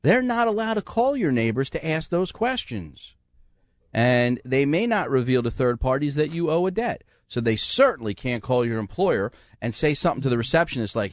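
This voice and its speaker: A man's voice: medium pitch, normal speed, dry recording, clean studio sound. A man hosting a radio call-in show, talking in a folksy, joking way. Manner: animated, folksy, jokey.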